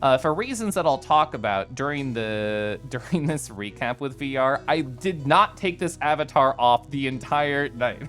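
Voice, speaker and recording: A man streaming live, chatting casually with his viewers and reading their messages in an animated, giggly way with playful swings in his voice. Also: mid-range voice, normal speed, hardly any pauses, soft background music.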